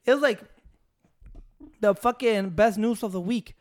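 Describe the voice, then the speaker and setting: A man's voice: sits high, unhurried, a little mellow. A man in casual podcast chat, arguing and swearing, calling his friend "bro". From Chicago area. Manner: profane, argumentative, calls his friend "bro".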